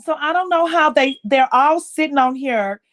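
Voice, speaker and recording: A woman's voice: high-pitched, moderate pace, fairly bright tone. A woman hosting a late-night live chat, venting with emphatic, indignant talk and lots of repetition. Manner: indignant, emphatic, repeats herself. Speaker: livestream host. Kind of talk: casual commentary chat.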